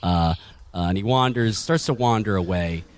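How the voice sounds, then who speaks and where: Relaxed low-voiced male game master. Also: normal speed, a little hiss or hum. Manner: loose, filler-heavy, laughing often. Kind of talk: narrating a tabletop game.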